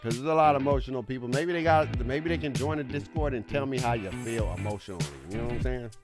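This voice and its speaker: A man's voice: mid-range voice, quick pace, over loud music. A man hosting a gaming livestream, chatting casually in a laid-back, slangy way, repeating himself as he talks to his viewers. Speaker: streamer host.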